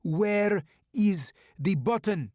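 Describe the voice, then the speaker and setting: A man's voice: high voice, animated, extremely slow, a little mellow, no echo, clean studio sound, voice pushed up, full character voice. A man voicing a menacing Russian street thug with a thick Russian accent, repeating his demands insistently in an audiobook.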